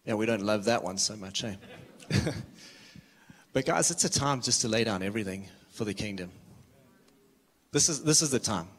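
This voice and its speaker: A man's voice: on the low side, lively intonation, moderate pace, long pauses, a bit bright, slight background noise. A man preaching a sermon with urgency, earnest and a little self-deprecating, often restarting his words. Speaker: visiting preacher.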